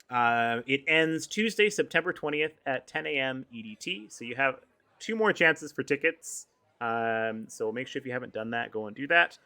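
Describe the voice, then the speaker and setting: A man with a bright tone and a gravelly rasp under it talks casually through game store offers and event news. He wanders, fills gaps with ums and fixes his own slips mid-sentence. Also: mid-range voice, animated, normal speed. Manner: rambling, lots of ums and self-corrections. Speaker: podcast co-host.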